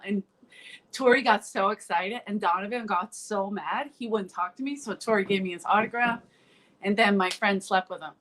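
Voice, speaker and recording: Middle-aged Philly-woman comic, blunt storyteller, acts out the quotes, mid-pitched voice. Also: normal speed, a bit bright, poor audio. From South Philadelphia. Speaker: comedian guest. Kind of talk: casual podcast chat, storytelling.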